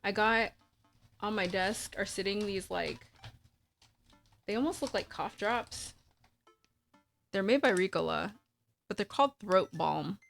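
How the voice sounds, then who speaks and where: A talkative woman with a husky, raspy voice chats her way through a game stream and reads the on-screen text aloud in an easy, casual way. Her pitch sits in a middle range, and soft music plays faintly behind her. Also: unhurried, pauses often. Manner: chatty, talkative. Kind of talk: casual let's-play commentary, reading game text aloud.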